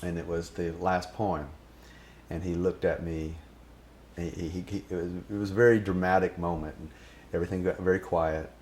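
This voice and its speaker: A man with a very low voice tells a personal story about his spiritual teacher, slipping into quotes and long recited passages. His telling is animated and reverent, with a faint hiss under the recording. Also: normal speed. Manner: animated, reverent, quoting others vividly.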